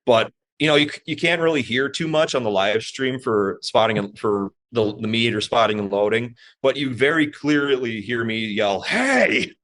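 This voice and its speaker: A man's voice: mid-range voice, moderate pace, few pauses, fairly bright tone. Hesitant, rambling man. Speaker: podcast guest. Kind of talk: casual chat.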